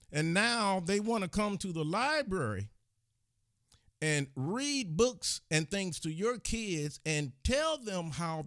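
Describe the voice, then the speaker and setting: A high-pitched man with a fairly bright tone runs his own channel and is clearly agitated, pouring out a heated commentary rant while scolding his audience. The studio-quality sound is dry.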